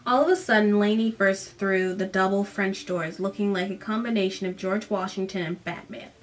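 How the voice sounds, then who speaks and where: A woman's voice: medium pitch, fairly even intonation, moderate pace. Chatty sarcastic woman recapping a book. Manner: sarcastic, chatty, breaks off into asides. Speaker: book reviewer. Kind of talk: casual book recap with read-aloud passages.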